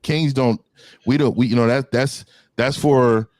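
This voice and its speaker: A man on a discussion panel boasts in a halting way, often restarting his sentences. His voice is of middling pitch, and the recording sounds dry and close. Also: fairly even intonation, a little mellow, no room sound. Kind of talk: casual panel chat.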